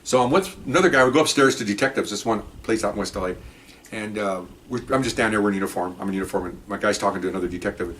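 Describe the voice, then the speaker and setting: A man, a former police detective, talks at a brisk clip as he tells stories from the job. His delivery is loose and conversational, with lots of restarts. He brings the people in his stories to life by acting out what they said. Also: fairly low pitch, a little hiss or hum. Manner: rambling anecdotes with restarts; animated retelling of conversations. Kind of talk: casual spoken storytelling.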